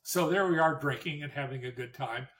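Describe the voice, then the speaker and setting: A man's voice: mid-range voice, a little fast, fairly bright tone, far from the mic. An older man, a war veteran, telling memories to an audience in a storytelling way, with restarts and emphatic repetition. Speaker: Vietnam War veteran speaker.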